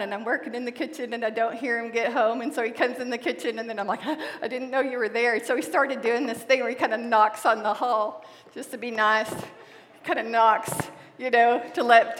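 A middle-aged woman with a fairly high voice teaches from scripture and tells stories from her own life. She talks in an animated way and laughs often. Her voice rings with a long hall reverb. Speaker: Bible teacher. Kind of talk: storytelling Bible teaching.

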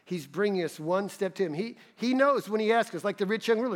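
A male pastor preaches earnestly and rises to emphatic peaks. His voice sits quite high, and a long hall reverb trails after each phrase. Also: animated, fairly quick. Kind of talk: sermon.

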